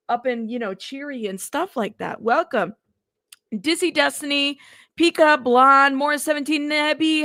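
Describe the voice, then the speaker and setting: Woman, 30s, livestream host, casual chat, excitable, greets viewers, higher voice, dry close mic. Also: no echo.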